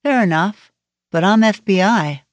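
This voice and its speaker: A woman's voice: medium pitch, unhurried, dry recording, lightly acted. A woman narrator voicing a brusque woman FBI agent in an audiobook, in a clipped, blunt manner. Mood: probing. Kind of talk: audiobook character voice.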